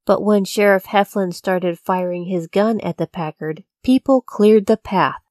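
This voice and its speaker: A woman narrating a true-crime story from a script, in a measured, even storytelling delivery. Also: medium pitch, no echo, clean studio sound. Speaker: podcast narrator.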